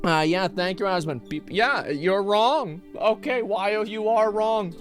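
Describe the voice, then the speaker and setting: A man's voice: sits high, slow, faint music behind. A male streamer giving live reaction commentary, blunt and profane, who stumbles over and repeats words when worked up. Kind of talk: live reaction commentary, reading posts aloud.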